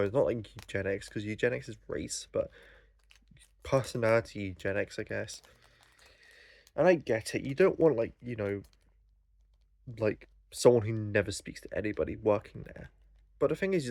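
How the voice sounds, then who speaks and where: A man's voice: on the low side, measured pace, creaky, long pauses, darkish tone, dry recording. A young man telling a story in a casual vlog, rambling and swearing, full of fillers. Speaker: vlogger.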